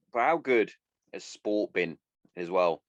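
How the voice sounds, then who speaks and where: Sweary blokey man, low voice. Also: dry recording. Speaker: podcast host. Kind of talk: solo podcast monologue.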